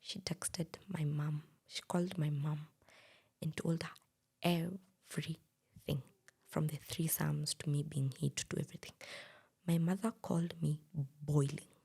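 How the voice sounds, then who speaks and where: A young Kenyan woman co-hosting a podcast, recounting a personal story in a hushed, breathy way. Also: low voice, fairly even intonation, unhurried. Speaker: podcast co-host.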